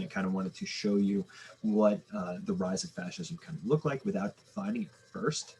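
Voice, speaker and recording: Gravelly low-voiced male teacher. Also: slight background noise. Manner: casual, halting with fillers and restarts. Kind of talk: remote history lesson.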